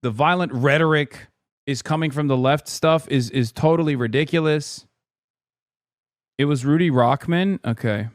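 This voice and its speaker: Male streamer in his thirties, casual and blunt, slightly higher voice, dry close-mic sound. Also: dry recording. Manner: blunt, profane, mocking, fast asides; jumps into high sarcastic voices to mimic others. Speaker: streamer reacting to videos and chat. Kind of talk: casual livestream commentary.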